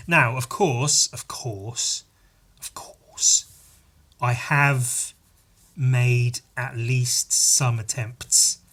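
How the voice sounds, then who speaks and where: A man's voice: mid-range voice, bright, forceful tone. A man hosting a solo podcast, rambling and self-mocking and swearing freely. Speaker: podcast host. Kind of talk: casual solo podcast chat.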